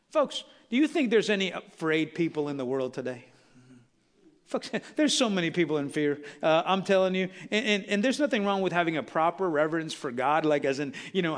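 Male pastor, high bright voice, chatty sermon delivery peppered with questions, long hall reverb. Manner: conversational preaching, many rhetorical questions. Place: church sanctuary.

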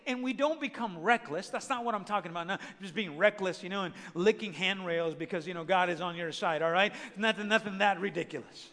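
High, bright-voiced man preaching. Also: brisk, few pauses. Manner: preaching with rising emphasis, rhetorical questions. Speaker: pastor. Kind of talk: sermon. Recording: long hall reverb.

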